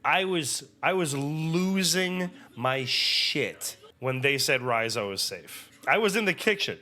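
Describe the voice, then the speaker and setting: A young man hosting an anime reaction video, chatting in an excitable, profane, animated way. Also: fairly high pitch, slow pace. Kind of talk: casual reaction commentary.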